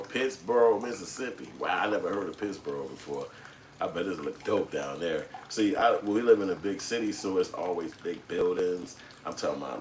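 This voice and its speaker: A man's voice: low-pitched, slight background noise. A middle-aged man hosting a casual live stream, talking loosely and profanely, laughing often as he reads chat. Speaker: channel host reading live chat.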